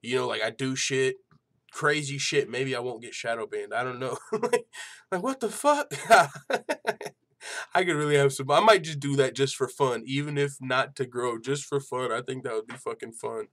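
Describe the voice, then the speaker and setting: A man's voice: mid-range voice, moderate pace, fairly bright tone. A man hosting an MMA news channel in casual chat, swearing freely and laughing often. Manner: loose and profane, laughs a lot, lots of fillers.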